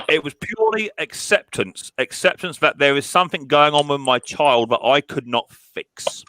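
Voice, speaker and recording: A man's voice: on the high side, normal speed, hardly any pauses, pushed and bright, no room sound. A man hosting a live stream chat, telling a personal story with many restarts and repeated words. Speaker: mower repair channel host.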